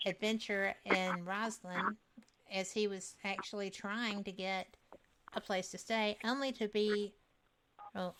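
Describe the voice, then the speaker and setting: A woman's voice: mid-range voice, background noise. A woman hosting a radio show, talking with her guest in an upbeat, conversational way. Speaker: radio host. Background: music.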